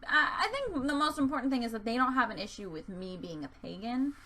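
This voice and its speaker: A woman's voice: a little high, lively intonation, a little fast, sharp tone. A woman vlogging casually from home, rambling and chatty with lots of hesitant fillers. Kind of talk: casual vlog chat. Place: at home near her desk.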